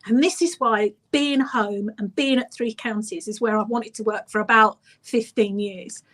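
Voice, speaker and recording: A woman with an Estuary English accent, a radio presenter chatting as a guest and telling animated stories with acted-out voices. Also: a little high, moderate pace. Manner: animated storyteller, acts out voices. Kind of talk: casual chat.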